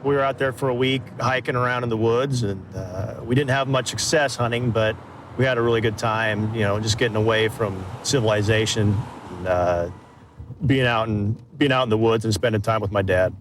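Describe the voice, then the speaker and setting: A male police officer talking steadily and calmly, giving radio updates and reassuring a suspect outdoors. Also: fairly low pitch, brisk. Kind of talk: on-duty radio calls and field interview. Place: outdoors on patrol, street and car. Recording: outdoor street noise, sirens.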